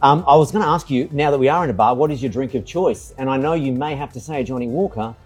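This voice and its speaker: A man's voice: medium pitch, quick pace, a little mellow, slightly rough, soft background music. A man hosting a casual interview, asking joking, teasing questions. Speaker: host. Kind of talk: casual chat. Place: bar set.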